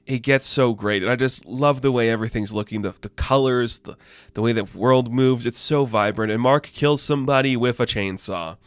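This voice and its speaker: A man giving a casual, excited comic book review, talking loosely and swearing freely. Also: medium pitch, moderate pace, clear, resonant tone, no room sound.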